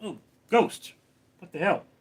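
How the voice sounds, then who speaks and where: There's background noise as a man takes his time reading viewers' comments out loud on a casual livestream. He answers each one with a wry joke.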